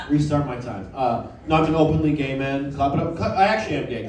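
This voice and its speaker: A man's voice: a little high, lively intonation. A young man performing a stand-up set in a small club, self-mocking and bantering with the crowd. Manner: playful, self-mocking, quick asides to the crowd. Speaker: stand-up comedian. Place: small comedy club with a live audience. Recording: roomy club sound, mic heard from a distance, audience noise.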